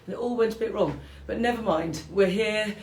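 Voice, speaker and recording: A woman's voice: mid-range voice, fairly quick, darkish tone, roomy sound, slight background noise. A British woman hosting a live-streamed morning qigong class at home, chatting casually and self-deprecatingly, often breaking into laughter. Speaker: qigong teacher and show host. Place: home room, with dogs around.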